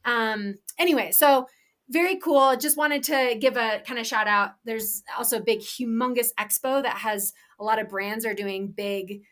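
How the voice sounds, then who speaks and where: A woman co-hosting a podcast, chatting casually with a slightly high voice. She is enthusiastic and rambles through her explanations, restarting sentences and filling gaps with "um" and "like.". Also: moderate pace, fairly bright tone. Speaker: podcast co-host and professional trail runner.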